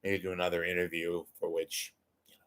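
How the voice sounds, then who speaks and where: A man's voice: deep voice, monotone, fairly quick, fairly bright tone. A man hosting a casual monologue show, rambling and self-deprecating. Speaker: host.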